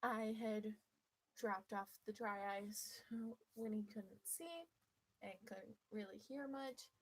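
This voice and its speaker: A woman telling a personal story to her viewers in a lively, playful, mischievous way. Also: mid-range voice, slow pace, slightly rough, low-quality recording. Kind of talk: casual storytelling.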